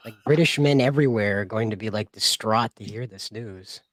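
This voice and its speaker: A man's voice: lowish voice, a little fast, dry recording. A man chatting casually as a guest, joking and rambling. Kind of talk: casual chat.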